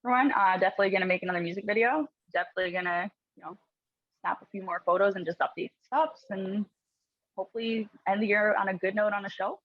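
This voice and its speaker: A woman's voice: mid-range voice, quick pace, no echo. A woman from a metal band answering an interview question in an upbeat way, repeating herself often. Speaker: band member guest. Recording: dull lo-fi audio.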